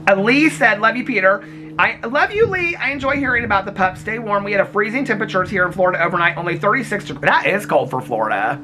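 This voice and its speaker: Giggly, animated man chatting in a vlog. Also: sits high, fast talker. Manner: animated and giggly, teasing viewers by name; gossipy, calls people honey and sweetheart. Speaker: vlogger. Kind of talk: casual chatty vlog, reading viewer comments.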